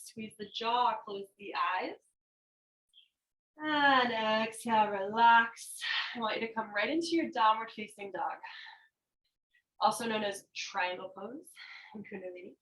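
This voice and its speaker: Woman yoga instructor, calm cueing, a bit winded, echoey distant room sound. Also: fairly high pitch, moderate pace. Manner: calm, cueing breaths and poses while demonstrating. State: out of breath. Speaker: yoga teacher. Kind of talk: guided yoga class instruction. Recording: roomy, mic at a distance.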